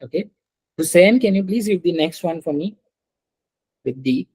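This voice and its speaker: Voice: medium pitch, animated, moderate pace, mellow, breathy edge, rough recording. A teacher giving an online French class over a video call, patiently repeating words and calling on students.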